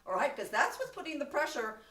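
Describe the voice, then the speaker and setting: A woman's voice: high-pitched, big pitch swings, a little fast, over loud music. A woman teaching a one-on-one singing lesson, coaching and demonstrating in an encouraging way. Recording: echoey room, voice from a distance.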